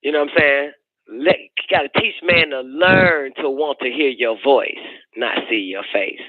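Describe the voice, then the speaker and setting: A man's voice: mid-range voice, moderate pace, no room sound. A man hosting a call-in radio show, delivering a profane, preachy monologue and repeating his points. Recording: dry, narrow phone-like sound.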